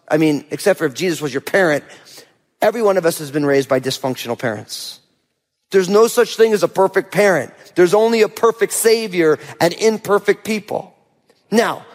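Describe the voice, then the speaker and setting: Middle-aged male pastor, high voice, chatty sermon delivery with rhetorical asides. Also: long reverb tail. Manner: conversational preaching, frequent rhetorical "right?".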